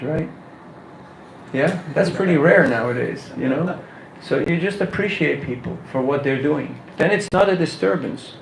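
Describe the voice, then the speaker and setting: Guy teaching a workshop outside, lively, laughs a lot, roomy echo, faint street hiss. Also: on the high side. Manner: animated, laughing, rhetorical questions. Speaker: book distribution teacher. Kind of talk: casual workshop talk.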